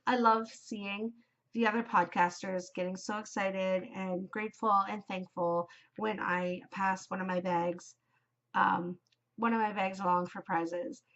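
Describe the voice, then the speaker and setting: A middle-aged woman from Canada chats through her solo podcast, upbeat and rambling, filling her pauses with ums. Her voice sits at a medium pitch for a woman. The recording is a little dull and muffled, like a simple home setup. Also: steady tone, fairly bright tone. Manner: chatty and upbeat, with frequent ums. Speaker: podcast host. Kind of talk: casual solo podcast chat.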